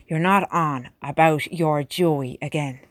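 A woman's voice: deep voice, slow, no room sound, voice pushed down. A woman voicing a blunt, grumbling young male soldier who scolds his friend in an exasperated way, recorded dry.

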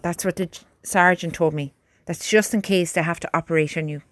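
A woman voicing a gentle young male soldier who talks softly and coaxingly to a horse, in a dry recording. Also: lowish voice, steady tone, brisk, no echo, lightly acted. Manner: soft, coaxing.

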